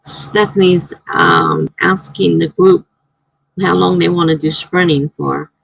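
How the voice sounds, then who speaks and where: A woman's voice: fairly low pitch, expressive, slow pace, gravelly, husky, no echo, low-quality recording. A woman, a writer, hosting a casual live stream from home, chatting in a rambling way and laughing often.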